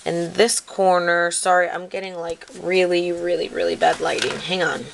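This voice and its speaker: A woman's voice: fairly low pitch, flat delivery, moderate pace, creaky, slight background noise. A woman casually walking through her scrapbook craft project, rambling with lots of "like" and "um". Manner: rambling, many fillers like "like" and "um"; apologetic about filming mishaps. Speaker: craft video maker.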